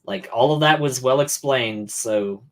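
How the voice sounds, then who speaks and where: A man's voice: medium pitch, a little slow, fairly bright tone. A man co-hosting a casual reaction chat, sarcastic and argumentative, often laughing. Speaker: co-host reacting to a documentary.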